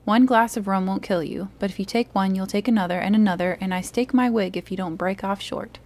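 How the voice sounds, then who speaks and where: A woman voicing a stern, brisk male doctor in a calm storybook reading. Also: mid-range voice, natural voice. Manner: firm, scolding.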